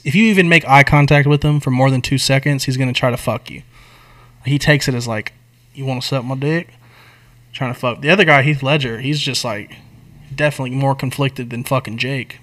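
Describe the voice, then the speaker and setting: Young male podcast co-host, casual and crude, telling a story with big swings in energy. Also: medium pitch. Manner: animated, profane storytelling with slang. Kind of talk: casual chat, retelling a movie plot.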